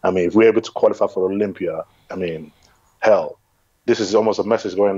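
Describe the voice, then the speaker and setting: Low-voiced man on a dull remote line. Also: fast, darkish tone, husky, no room sound. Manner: earnest, reflective, rambling. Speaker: guest bodybuilder. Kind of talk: casual interview chat.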